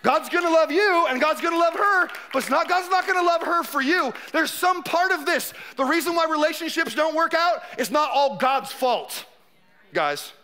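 A man's voice: extremely high pitch, animated, normal speed, sharp tone. A man in his forties preaching a sermon as pastor. He talks in a casual, joking way and acts out little scenes. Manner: conversational, joking, acts out quotes.

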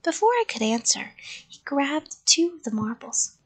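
A woman reading a spooky storybook aloud, hushed and often slipping into whispers, pausing to ask her listeners whether to go on. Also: sits high, sing-song, poor audio. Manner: chats with listeners between parts.

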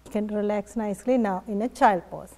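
A woman yoga instructor guiding a family class in a gentle, encouraging way, often laughing softly. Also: medium pitch, fairly quick.

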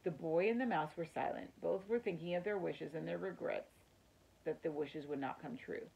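A woman with a low, gravelly voice and a breathy edge reads a children's chapter book aloud at a moderate pace, like a teacher. She tells the story expressively and addresses the children, though the recording is muffled.

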